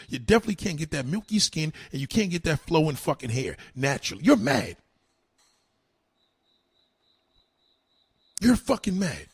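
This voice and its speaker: A man with a raspy, somewhat high voice rants straight to the camera. His pitch swings widely, from low mutters up to shouted insults. He talks with crude, cutting bluntness. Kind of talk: heated profane rant to camera.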